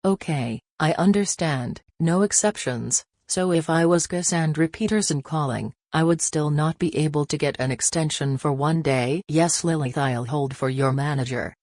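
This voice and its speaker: A woman voicing a brash, self-absorbed woman in a fan cartoon, sharp-tongued and profane. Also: low voice, moderate pace, few pauses, no echo, clean studio sound. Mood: polite.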